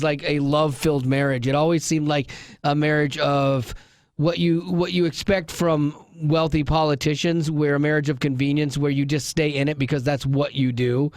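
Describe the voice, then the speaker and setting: Playful male radio host with a high voice, loose joking studio chat. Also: normal speed, no echo. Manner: animated, laughs often, playful. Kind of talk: casual studio banter.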